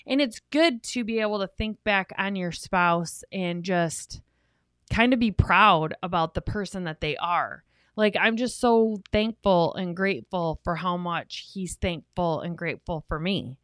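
A woman's voice: fairly low pitch, measured pace, fairly bright tone, dry recording, clean studio sound. A woman co-hosting a couples podcast, telling a long, rambling story in a chatty way. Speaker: podcast co-host. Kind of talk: casual podcast talk.

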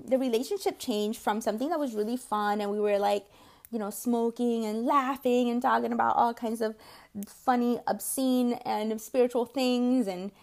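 She's a podcast host and consultant in her forties whose voice is highish, gravelly, and darkish in tone. Telling personal stories in a chatty, casual monologue, she acts out the voices she quotes and swears here and there.

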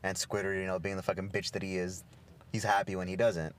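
A man's voice: deep voice, flat delivery, quick pace. A man co-hosting a podcast, chatting casually, swearing a lot, laughing and telling stories. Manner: profane, laughing, storytelling. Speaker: podcast co-host. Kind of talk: casual chat.

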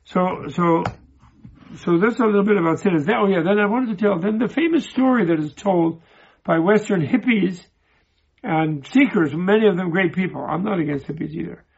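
Gravelly, husky man teaching in halting speech. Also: sits high, muffled recording. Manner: halting, repeats and restarts words, digressive. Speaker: Buddhist teacher. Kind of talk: informal spoken teaching with storytelling.

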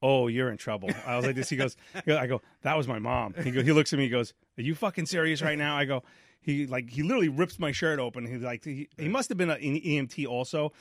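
Mid-range and fast-talking, a New York podcast host in his 40s tells a story in a casual chat. He's animated, performs the voices in it and repeats himself. The sound is studio quality with no echo.

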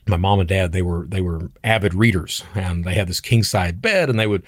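Middle-aged man, husky and low, blunt storyteller who swears casually. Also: expressive, a little fast, no room sound, clean studio sound. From United States. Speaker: channel host. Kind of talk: personal storytelling monologue.

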